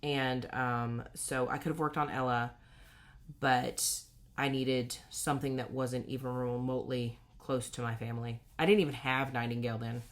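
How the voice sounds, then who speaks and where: A woman's voice: very deep voice, steady tone, moderate pace. A woman, telling a personal story in a casual, rambling way with many self-corrections. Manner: rambling, self-correcting, acts out quoted voices. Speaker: cross-stitch vlogger.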